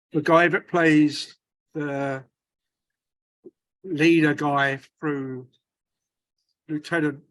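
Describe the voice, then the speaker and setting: A man's voice: a little high, fairly bright tone, dry recording. A man with a working-class North London accent, chatting casually in a book club discussion, often restarting and searching for words. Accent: working-class North London English.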